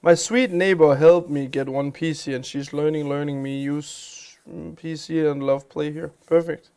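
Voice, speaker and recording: A man's voice: fairly high pitch, fairly even intonation, unhurried, darkish tone, smooth. A man hosting a game live stream, chatting casually as he plays, with a chatty, rambling manner. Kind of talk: casual live-stream chat while playing games.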